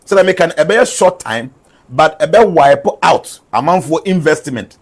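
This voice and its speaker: A man's voice: fairly high pitch, animated, moderate pace, breathy edge. A man delivering numbered prophetic forecasts, repeating each one and switching between English and a local language. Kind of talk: numbered predictions mixed with local-language asides.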